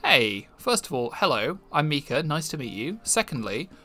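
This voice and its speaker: A man voicing a young female witch who talks in a bright, eager and earnest way. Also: a little high, very animated, moderate pace, exaggerated voice.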